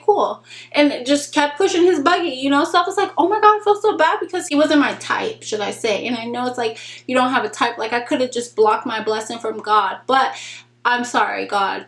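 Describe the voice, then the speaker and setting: A young woman vlogging casually while doing her makeup, frank and slangy, acting out conversations in animated storytelling. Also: fairly high pitch. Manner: chatty, animated storytelling with acted-out quotes. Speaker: beauty vlogger. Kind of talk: casual get-ready-with-me chat. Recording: echoey room.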